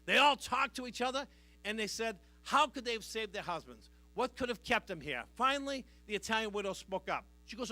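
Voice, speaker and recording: Give me a brash man telling stand-up jokes in a high voice. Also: expressive, a little fast, sharp tone. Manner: brash, punchy delivery. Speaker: stand-up comedian. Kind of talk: stand-up jokes and comic song.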